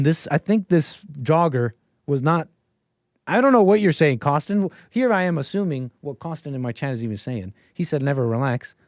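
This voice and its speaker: A man from the United States hosts a casual call-in livestream, delivering a monologue of stories full of asides and restarted sentences. His voice is a little high and a little mellow, and the recording is dry.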